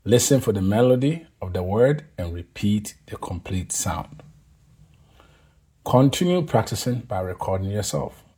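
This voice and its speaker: A man teaching a language lesson, drilling tones slowly and deliberately, leaving pauses for the listener to repeat after him. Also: fairly low pitch, mellow, husky. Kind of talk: scripted pronunciation lesson.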